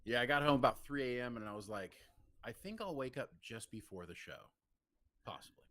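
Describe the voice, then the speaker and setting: A man co-hosting a live podcast in casual chat, tired, with a rough morning voice and a quiet desk mic. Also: mid-range voice, a little fast. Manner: tired, self-deprecating, animated. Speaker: podcast co-host. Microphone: desk microphone, quiet in the mix.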